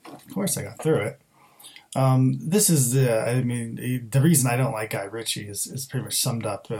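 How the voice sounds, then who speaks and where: A man co-hosting a film review podcast, talking in blunt, exasperated casual chat with frequent swearing. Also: medium pitch.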